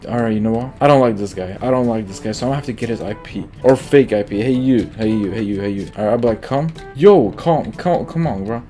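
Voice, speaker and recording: Excitable young man with a mellow voice. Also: on the low side, fast talker, hardly any pauses. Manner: excitable, slangy, laughs often, repeats himself. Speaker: gaming YouTuber. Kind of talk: casual gameplay commentary. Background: faint guitar music.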